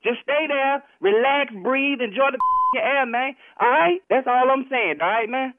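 A man's voice: extremely high pitch, a little slow. A man on a phone call, heated and threatening in street talk, over a tinny phone line. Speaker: prank call target.

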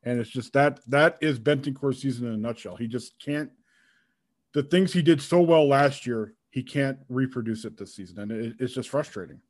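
A man co-hosting a casual football podcast, giving measured, thoughtful analysis. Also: mid-range voice. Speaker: podcast co-host. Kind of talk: casual chat about football.

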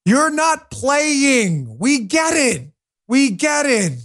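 A middle-aged man from New York City hosts a political talk show and rants in exasperation, mocking what he covers. His voice sits high for a man and swings up and down widely as he vents. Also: big pitch swings, very slow, a bit bright. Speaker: podcast host.

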